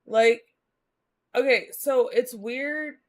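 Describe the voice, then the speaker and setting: A woman's voice: a little high, extremely slow, a little mellow. A woman from the Midwest, chatting casually with her live-stream viewers as she rambles along, using lots of filler words. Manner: rambling, many filler likes.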